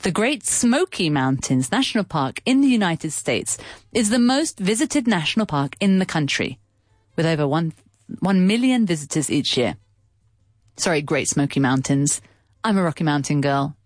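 Woman teacher telling a story, low-ish voice that goes all over, explains words as she goes. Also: expressive, normal speed, no echo, studio quality. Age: adult with a child. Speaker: English teacher. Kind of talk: casual storytelling lesson.

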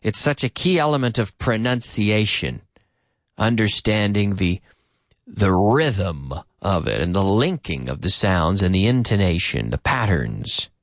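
A man hosting a live radio English lesson in an animated way, drilling words by repeating them slowly and dropping in Spanish phrases, on a studio microphone with headphones. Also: fairly low pitch, no echo. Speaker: radio English teacher and host.

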